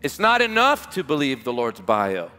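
A man preaching a revival sermon as pastor, impassioned and emphatic, stretching key words slowly for weight, recorded live in a large church. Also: mid-range voice, huge pitch swings, bright, forceful tone, soft background music. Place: large church hall with music behind. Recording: live church hall reverb.

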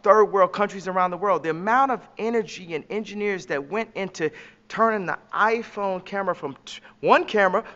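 A man's voice: high-pitched, brisk, pushed and bright, long reverb tail, muffled recording. A man speaking as an interview guest in a slangy, emphatic, preachy way. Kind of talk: impassioned preachy talk.

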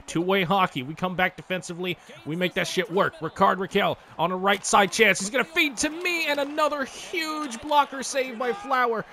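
A man giving excitable, casual commentary over a hockey video game, swearing freely and talking to the players on screen. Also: high-pitched, slight background noise. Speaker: gaming YouTuber. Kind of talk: live gameplay commentary.

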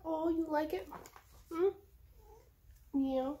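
A woman librarian reading a picture book aloud slowly and coaxing her pets in a gentle voice. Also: fairly high pitch. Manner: slow, drawn-out reading of the story lines. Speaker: children's librarian.

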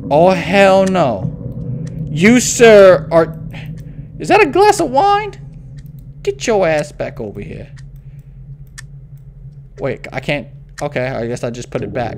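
Jumpy high-voiced man playing horror. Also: animated, normal speed, pauses often, background noise. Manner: jumpy, swears, scolds the in-game baby as a parent. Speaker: gaming YouTuber. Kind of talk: horror game commentary.

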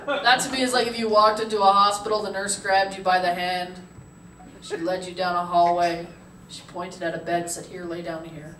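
A woman's voice: mid-range voice, little pitch movement, moderate pace, a bit bright. Brash woman doing stand-up. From Calgary, Canada. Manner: brash, swears freely, laughs at her own jokes. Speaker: stand-up comedian. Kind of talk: stand-up comedy. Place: comedy club stage. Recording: roomy club sound, distant mic, noisy.

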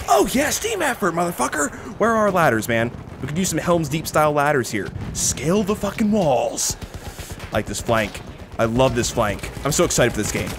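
Excitable young man ranting over gunfire. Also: on the high side. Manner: jokey, excitable, swings between yells and mutters. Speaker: gaming video host. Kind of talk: profane gameplay commentary. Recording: game gunfire loud under voice. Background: gunfire and battle noise from the game.

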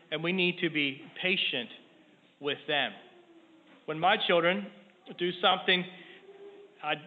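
A middle-aged man delivers a sermon in a steady, earnest way, lifting his voice whenever he reads scripture. His voice sits a little high for a man. The sound is thin and phone-like, with a long reverb trailing through a church sanctuary. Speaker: preacher. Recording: tinny lo-fi sound in a long-echo hall with faint noise.

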